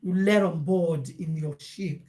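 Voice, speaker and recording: A woman with a Nigerian accent hosts a casual advice talk for viewers, slipping into Pidgin and repeating phrases for emphasis. Her voice is low, warm, and unhurried.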